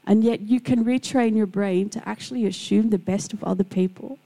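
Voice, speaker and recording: A middle-aged woman gives a devotional talk, her voice gravelly with a mellow, darker tone. She tells personal stories in a warm, gentle way and briefly acts out the people in them. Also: medium pitch, normal speed, poor audio. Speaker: Christian speaker.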